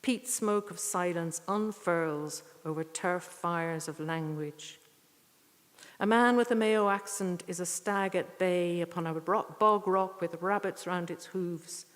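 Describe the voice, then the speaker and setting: A woman giving a poetry reading with short spoken introductions, earnest and unhurried, with thoughtful pauses. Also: lowish voice. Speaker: poetry reader at a tribute evening. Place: church. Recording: echoey church hall.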